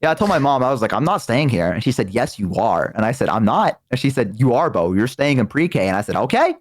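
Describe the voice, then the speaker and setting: A man's voice: medium pitch, fast, no room sound. A man from the American South tells stories in casual chat. He swears freely and acts out each person in them. The voice sits close and dry on the mic. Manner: animated, profane, acts out quoted voices. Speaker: streaming guest.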